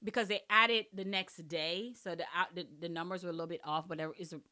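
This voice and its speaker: A woman from another country hosting a podcast, speaking in an emotional, excitable way, her voice climbing high with laughter when thrilled and settling into grateful, repetitive reflection. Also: quick pace, no room sound. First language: another language. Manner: faith-filled, grateful, repetitive phrasing. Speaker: podcast host and author. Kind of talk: emotional personal podcast talk.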